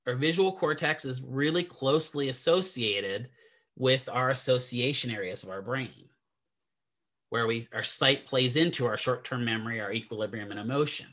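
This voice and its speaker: A man's voice: medium pitch, normal speed, fairly bright tone. A man teaching a classroom lecture in a chatty, digressive way, often asking the students questions. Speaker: physical therapy instructor.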